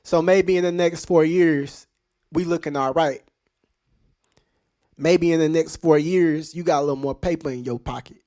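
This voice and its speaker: A man's voice: on the high side, fairly even intonation, normal speed, long pauses, warm tone. A man hosting a podcast, talking straight to his listeners in casual commentary, emphatic and full of rhetorical questions. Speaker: podcast host.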